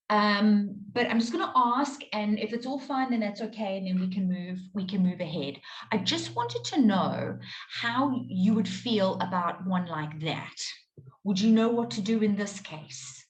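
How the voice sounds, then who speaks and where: Patient woman teaching maths in a roomy space. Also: medium pitch. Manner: patient, checks in with students often. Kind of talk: live online maths lesson. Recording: roomy echo.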